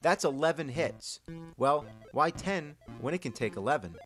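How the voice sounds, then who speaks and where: A man's voice: fairly high pitch, animated, moderate pace, faint music behind, natural voice. A man playing a short-tempered, foul-mouthed male retro gamer, reviewing a game in an exasperated, profane rant.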